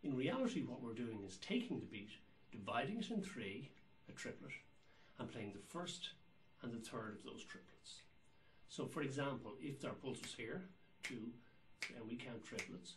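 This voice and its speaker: A man's voice: medium pitch, animated, normal speed, heavy background noise. A man teaching jazz rhythm, explaining patiently and counting beats and scatting rhythms aloud. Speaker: drum teacher. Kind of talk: instructional explanation.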